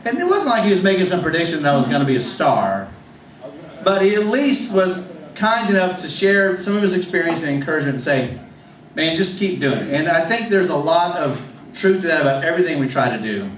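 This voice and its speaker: Rambling self-deprecating comedy host. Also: male voice, fairly high pitch, very animated, fairly quick. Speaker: open mic host. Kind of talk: stand-up storytelling. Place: comedy club stage. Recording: echoey club room, distant mic, faint hum.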